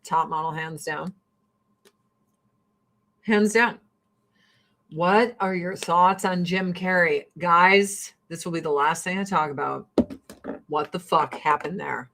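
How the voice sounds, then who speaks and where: A woman's voice: on the low side, fairly even intonation, slow, long pauses, fairly bright tone, slight background noise. A woman from rural Illinois hosting a casual get-ready-with-me vlog, blunt, swearing freely and laughing often. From rural Illinois, US Midwest. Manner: blunt, profane and chatty, with frequent laughs. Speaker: vlogger and host.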